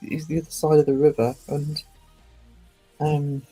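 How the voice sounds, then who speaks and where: A man's voice: a little high, little pitch movement, measured pace, warm tone, husky, faint music behind. A man streaming live, chatting casually in a rambling way full of ums and restarts.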